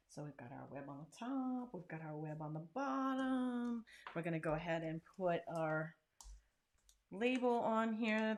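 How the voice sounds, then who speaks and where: Craft channel host, woman, lowish voice, chatty and self-deprecating, casual tutorial. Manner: chatty and self-deprecating, talks while working.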